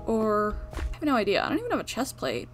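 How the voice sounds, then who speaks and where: Chatty, excitable young woman gaming. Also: on the high side, fast talker, soft background music. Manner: chatty, self-deprecating, excitable, talks to viewers. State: sleep-deprived. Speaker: gaming channel host. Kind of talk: casual let's-play commentary.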